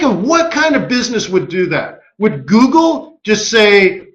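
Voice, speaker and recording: Male webinar host, casual and animated, high-ish voice, echoey lo-fi room sound. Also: unhurried, hardly any pauses. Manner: animated storyteller who acts out quoted voices. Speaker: forex market strategist and webinar host. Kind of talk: casual live webinar commentary. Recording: echoey room, dull lo-fi audio.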